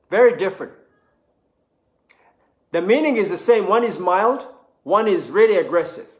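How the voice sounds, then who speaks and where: A male motivational speaker with a high voice talks animatedly at a normal speed, leaving long pauses, in an echoey room. He repeats phrases for emphasis and acts out quoted speech.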